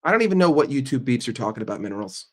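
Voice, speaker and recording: A man's voice: medium pitch, big pitch swings, a bit bright. A man hosting a live stream who answers his chat casually, speaking bluntly, swearing often and joking. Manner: blunt and profane, answers chat with quick jokes. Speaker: livestream host.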